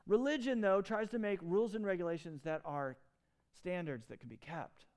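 A man preaching with animated emphasis, his voice rising and falling widely. His tone is smooth and clear, a little higher than most men's. He throws in quick asides and restarts as he goes. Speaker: pastor. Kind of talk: sermon.

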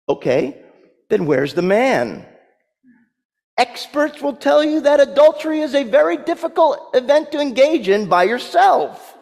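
A male preacher with a high, animated voice tells his story with vivid drama and sly humor. His words bounce up and down in pitch and hang in the long reverb of a large hall. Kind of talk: sermon.

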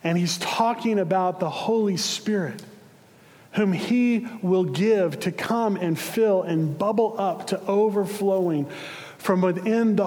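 A male pastor preaching a sermon, retelling a scene dramatically, swelling to passionate cries and sinking to a hush. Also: high-pitched, in a large hall. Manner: building to impassioned shouts then dropping hushed.

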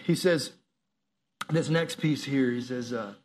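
A man preaching a sermon as a youth pastor, animated, acting out quoted prayers and dropping to soft, earnest appeals. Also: mid-range voice, slow pace.

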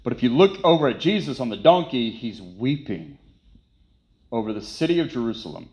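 A man's voice: medium pitch, very animated, brisk, a little mellow, rough recording. A man preaching a sermon, emphatic and repetitive, who poses rhetorical questions and then answers them. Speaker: pastor.

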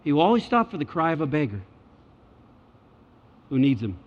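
A male pastor preaching a sermon, emphatic, repeating key phrases and swinging between loud and hushed delivery. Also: a little high, very animated, moderate pace. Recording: dull sound with long hall reverb.

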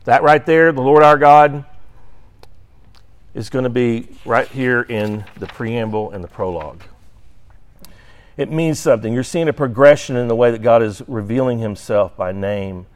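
Speaking at an ordinary speed in a medium pitch, a man leads an adult Sunday school lesson. Scripture gets read out with emphasis, "right?" tags come up frequently, and an occasional throat-clearing breaks in.

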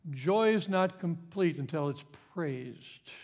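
Taking it slowly with lively intonation, a pastor preaches a conversational sermon. He repeats key phrases for emphasis, swinging from loud, emphatic bursts to soft, low asides.

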